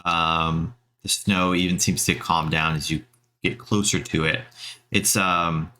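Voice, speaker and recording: A man with a low, deep voice narrates the scene as game master of a tabletop game. He meanders through his descriptions with frequent ums and restarts. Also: a little slow. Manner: relaxed, meandering with many fillers.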